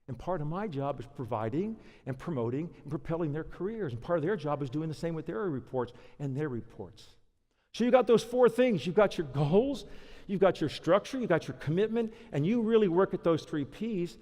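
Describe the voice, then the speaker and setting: A man delivers a leadership keynote at a conference, mixing anecdotes with punchy short lists. His voice sits a little high for a man, and the sound carries a long hall reverb. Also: brisk. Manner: energetic storytelling, punchy lists.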